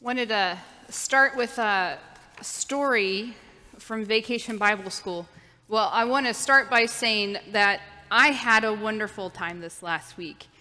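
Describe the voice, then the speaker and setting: Woman leading a children's sermon, slow and patient with a bright tone, in a reverberant church hall. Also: medium pitch. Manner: patient, coaching children to repeat after her. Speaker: children's minister. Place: church sanctuary.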